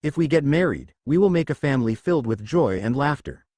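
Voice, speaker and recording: A man's voice: medium pitch, expressive, brisk, darkish tone, dry recording, studio quality, close to an everyday voice. A man reading as a teasing, cheerful woman hero. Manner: teasing, playful. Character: cheerful flirtatious adult woman hero, laughing.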